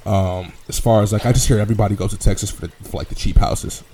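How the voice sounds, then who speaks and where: Brief: laid-back male co-host, lowish voice, rambling and swearing. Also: steady tone, quick pace, dark tone. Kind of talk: casual chat.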